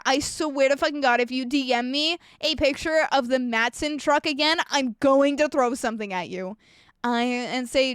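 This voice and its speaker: High-voiced young woman ranting on stream. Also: clean tone, dry recording, studio quality. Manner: animated, swearing, ranting storyteller; reads and answers chat messages. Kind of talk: casual live-stream chat.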